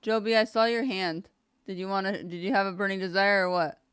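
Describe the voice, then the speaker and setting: A woman's voice: medium pitch, fairly even intonation, brisk, fairly bright tone, smooth, no echo. A woman hosting an online recovery meeting, teasing as she calls on people. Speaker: meeting host. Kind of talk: casual facilitation.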